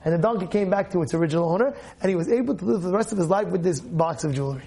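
A man, a rabbi, giving a Torah class, animated, firing rhetorical questions and repeating phrases for emphasis. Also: sits high, very fast, gravelly, background noise.

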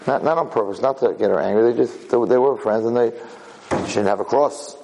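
A man giving a lecture as a lively story, repeating himself and jumping sharply higher in pitch for emphasis. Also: fairly quick, creaky, a little hiss or hum, low-quality recording. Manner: animated, leaps high in pitch for emphasis. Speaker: Jewish lecturer.

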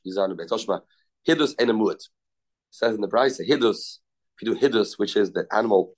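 Low-voiced man teaching a Talmud class. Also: husky. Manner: informal, restarts often, repeats terms, mixes Hebrew and Yiddish words.

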